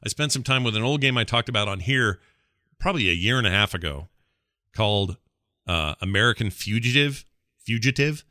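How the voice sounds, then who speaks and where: A man with a low, forceful voice rambles through casual chat as a podcast co-host, often stopping to correct himself. The recording is dry and close, with no room sound. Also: lively intonation, fairly quick, no echo. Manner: rambling, with fillers and self-corrections.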